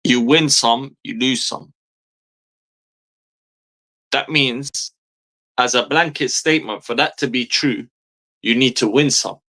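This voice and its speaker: A man's voice: medium pitch, slow pace, long pauses, sharp tone. Ranting man in his thirties. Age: 30s. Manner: ranting, exasperated, heavy swearing, repeats phrases for emphasis. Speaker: football fan streamer. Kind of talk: angry fan rant.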